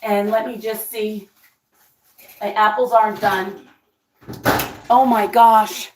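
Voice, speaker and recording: A woman hosting her own cooking vlog, chatting casually with viewers, excitable and always exclaiming and laughing. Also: on the high side, slow, pauses often. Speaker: cooking vlogger and channel host.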